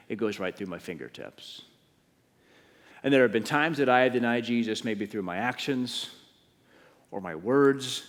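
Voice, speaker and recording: A man preaching a sermon as pastor, telling the story with animated, acted-out delivery. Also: mid-range voice. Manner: animated storytelling, acting out scenes. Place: church. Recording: long church reverb.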